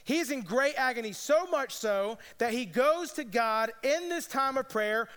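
A man's voice: very high voice, lively intonation, unhurried, a bit bright, clean tone. A man preaching a sermon as pastor, earnest but conversational, with casual asides. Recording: long reverb of a large hall.

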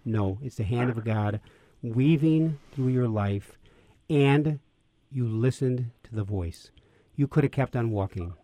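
A priest speaking in a reflective, preacherly way on a conversational show. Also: male voice, medium pitch, slow pace, dark tone, no room sound.

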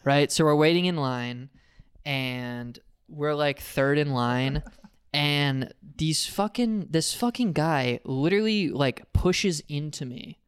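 Animated swearing young man telling a story. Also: slow pace, clear, resonant tone, dry recording, clean studio sound. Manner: animated storytelling, swears a lot, voice jumps high when riled. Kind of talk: casual chat.

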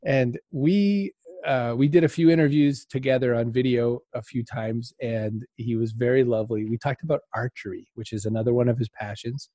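A man's voice: mid-range voice, normal speed, no room sound. A man telling anecdotes as an interview guest in casual talk, acting out what people said and laughing often. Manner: animated anecdotes, acts out quotes, laughs often.

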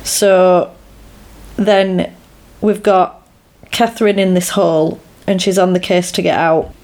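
A woman's voice: lowish voice, fairly even intonation, takes it slowly, darkish tone. A woman in casual chat, animatedly retelling a film scene by scene and acting out the characters' lines.

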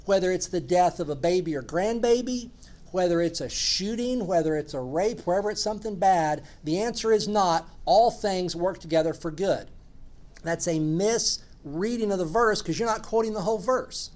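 A man's voice: high-pitched, lively intonation, moderate pace, a little mellow. Earnest man preaching a sermon. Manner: earnest preaching with emphatic repetition. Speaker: pastor.

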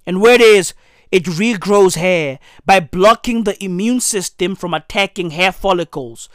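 A man giving a comedic, profane news rant. He is hoarse from losing his voice and keeps tossing in "right?" and "bruh". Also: high-pitched, unhurried, fairly bright tone, no echo. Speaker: commentary vlogger.

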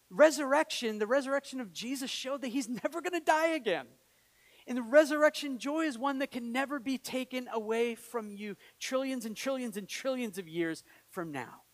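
Male pastor, high voice, earnest sermon, rising to emphatic bursts, long hall echo. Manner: earnest, builds to emphatic peaks.

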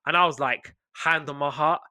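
A man co-hosting a casual chat, animated and playful, often slipping into quick voices. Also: fairly high pitch, dry recording. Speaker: podcast co-host. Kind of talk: casual chat about wrestling.

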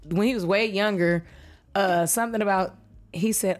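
A woman in her thirties, a podcast co-host, telling stories in a blunt, profane, animated way. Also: mid-range voice, normal speed. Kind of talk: casual chat.

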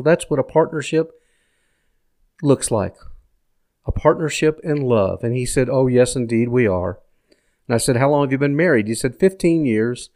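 A middle-aged man calmly recounting a personal story in a casual, conversational way, as a vlogger talking to his viewers. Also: mid-range voice. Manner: reflective, conversational, recounts dialogue plainly. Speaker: vlogger sharing personal stories.

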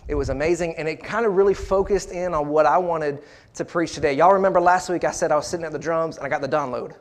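A man's voice: a little high, quick pace. A male pastor preaching a sermon, repeating phrases and calling out to the congregation.

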